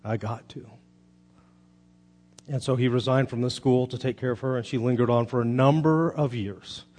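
A man's voice: mid-range voice, fairly even intonation, normal speed, a little mellow, soft background music. A man in his thirties preaching a sermon as pastor, telling stories earnestly with frequent restarts.

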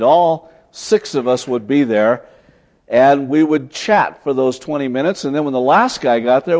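A man preaching a sermon, telling stories as he teaches, swinging from loud emphatic lines to soft, hushed ones. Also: mid-range voice. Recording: long hall reverb.

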